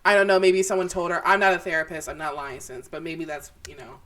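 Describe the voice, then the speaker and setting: A woman's voice: deep voice, flat delivery, fast, a bit bright. A young woman co-hosting a podcast in casual chat, playful and jokey. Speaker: podcast co-host. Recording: noisy line with clicks.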